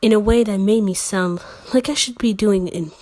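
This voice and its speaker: A woman's voice: mid-range voice, normal speed, warm tone. Woman host, mocking fanfic read-through, sarcastic asides, trips over words. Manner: sarcastic asides, slips and self-corrections. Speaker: channel host. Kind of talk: mocking reading of fan fiction.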